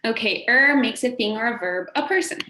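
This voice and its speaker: A woman's voice: fairly high pitch, animated, fairly quick, sharp tone. A woman teacher giving a recorded phonics lesson to a class, encouraging and sing-song, drawing out words for the children to repeat. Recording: echoey room, faint background noise.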